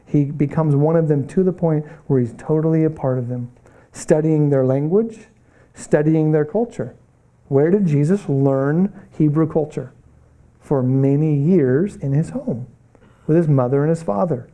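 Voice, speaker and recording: Bright, animated missions teacher, a man. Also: a little high, unhurried. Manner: earnest, animated preaching with rhetorical questions. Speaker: Bible college missions teacher. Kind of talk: classroom lecture.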